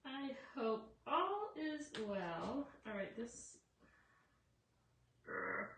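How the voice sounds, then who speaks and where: A woman's voice: high-pitched, big pitch swings, extremely slow, a bit bright. A woman hosting a casual live craft demo, chatty, greeting viewers by name with lots of fillers. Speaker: craft livestream host. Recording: echoey room, voice from a distance, faint noise.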